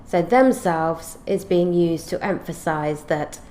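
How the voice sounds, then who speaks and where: A woman teaching an English grammar lesson, explaining clearly and reading out example sentences in a measured way. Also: on the low side, mellow, a little hiss or hum.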